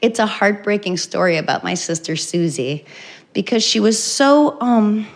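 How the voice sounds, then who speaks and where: Woman, stand-up comedian, middle-aged, deadpan, live stage set, medium pitch. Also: unhurried. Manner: deadpan storytelling with bursts of acted shouts. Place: stage before a live audience.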